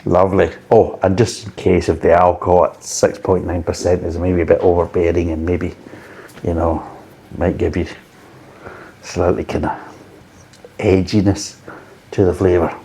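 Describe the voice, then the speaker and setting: A man's voice: low voice, level tone, normal speed, long pauses, mellow, a little hiss or hum. A man reviewing a beer in a blunt, exasperated way, swearing freely.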